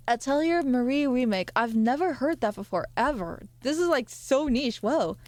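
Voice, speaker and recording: A woman streamer chatting casually with her viewers, excitable and giggly, often jumping up into squealy highs. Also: normal speed, few pauses, no echo. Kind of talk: casual live-stream chat.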